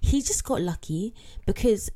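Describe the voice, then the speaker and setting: A woman's voice: mid-range voice, lively intonation, measured pace, dark tone. A woman podcast co-host chatting casually and recapping a documentary's plot, acting out short quotes as she goes.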